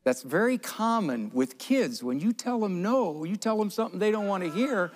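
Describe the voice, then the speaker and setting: A man's voice: high-pitched, animated, normal speed, hardly any pauses. A man giving a live parenting talk on stage, teasing audience volunteers and chuckling as he goes. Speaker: parenting speaker. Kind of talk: live seminar talk with audience role-play.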